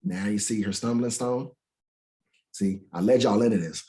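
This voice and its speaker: A man leading an informal Bible study, reading scripture aloud slowly and checking in with listeners, sometimes searching for words. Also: fairly low pitch, dark tone. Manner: conversational, asks listeners "right?", reads scripture aloud slowly and dramatically; searches for words, restarts sentences.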